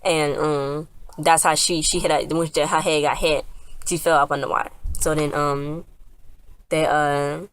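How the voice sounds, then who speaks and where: A woman's voice: low-pitched, flat delivery, measured pace, clear, resonant tone. A woman casually recapping a TV episode, rambling with lots of fillers and restarts. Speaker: TV episode reviewer.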